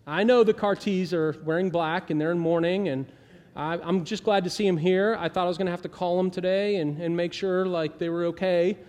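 A man preaching a casual, animated sermon as pastor, acting out quoted voices as he goes. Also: high voice, a little fast. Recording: long hall reverb.

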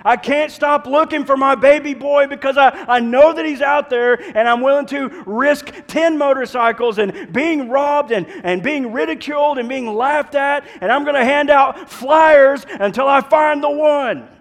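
A man voicing a desperate, grieving father who vows never to stop searching for his lost son, pleading and rising to shouts. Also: very high voice, unhurried, few pauses, in a large hall, pitched above the performer's own voice, exaggerated voice.

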